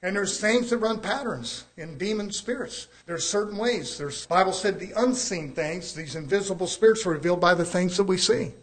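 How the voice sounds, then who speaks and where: A male preacher, delivering a church sermon in a folksy, emphatic way, chuckling and dropping to a low hush. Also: normal speed, hardly any pauses.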